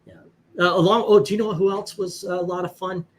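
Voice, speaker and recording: A man hosting a stream, telling profane, animated anecdotes in casual chat. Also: high voice, fairly quick. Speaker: host. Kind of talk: casual storytelling on a live stream.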